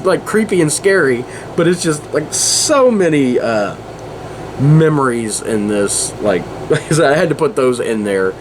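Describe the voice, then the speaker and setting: A man in his forties hosts a laid-back podcast, telling stories loosely and chuckling as he goes. His pitch moves in a lively way, and a clear noise hum sits under the recording. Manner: rambling, chuckling often, restarts. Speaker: podcast host. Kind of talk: casual podcast chat.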